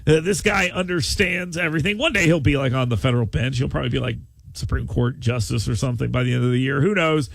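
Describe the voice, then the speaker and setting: A man's voice: mid-range voice, fast, creaky, no echo. A man hosting a talk radio show, brash and joking, rambling through his opinions in casual banter. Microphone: studio microphone.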